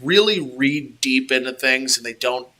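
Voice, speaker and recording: A man co-hosting a casual talk show, telling animated, joking stories in a small studio room. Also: medium pitch, a little slow. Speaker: co-host. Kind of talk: casual podcast chat.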